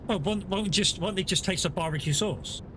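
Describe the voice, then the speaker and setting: A man streaming a truck driving game, talking casually and rambling, often breaking into laughter. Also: a little fast. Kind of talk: casual live-stream chat. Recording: steady truck rumble behind voice.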